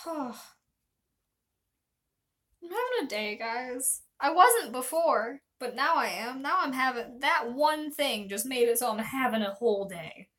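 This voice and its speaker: A woman's voice: high-pitched, animated, takes it slowly, fairly bright tone. A young woman chatting casually on a live stream, rambling and self-deprecating.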